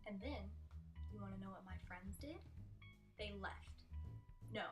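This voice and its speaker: A woman's voice: mid-range voice, measured pace, recorded from a distance. A young woman doing a sarcastic comic countdown monologue, slipping in mocking impressions. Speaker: comedy vlogger. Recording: echoey room with faint music.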